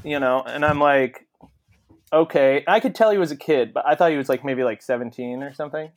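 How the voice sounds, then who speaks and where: A man's voice: medium pitch, fairly quick. A man telling a long story in casual podcast chat, swearing freely and acting out the people he quotes. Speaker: podcast co-host.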